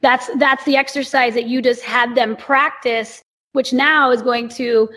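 A woman's voice: fairly high pitch, fairly even intonation, unhurried, sharp tone. A woman who teaches movement, guesting on a podcast and explaining her ideas thoughtfully. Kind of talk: casual conversation.

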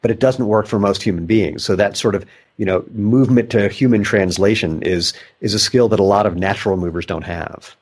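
A man hosting a podcast, telling coaching stories in relaxed conversation. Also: lowish voice, a little fast. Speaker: podcast host. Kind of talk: casual conversation.

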